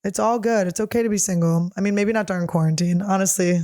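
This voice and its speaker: A woman in her thirties hosts her own comedy show alone, reading out fan questions and answering them off the cuff. She is blunt and profane, jokes all the way through and laughs easily. Her voice sits at an ordinary middle pitch for a woman. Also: steady tone, quick pace, dark tone. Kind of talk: casual solo chat, reading questions aloud.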